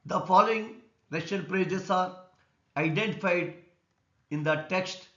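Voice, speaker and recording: A man with an Indian English accent teaching an English lesson on word stress, explaining slowly and deliberately. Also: sits high, pushed and bright. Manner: slow, deliberate explanation, repeating words and stress rules. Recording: echoey room, dull lo-fi sound.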